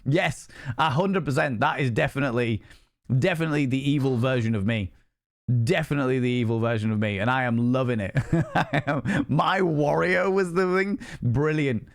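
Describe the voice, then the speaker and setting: A man's voice: medium pitch, moderate pace, vocal fry. A man live-streaming in casual chat, laughing often and swearing freely.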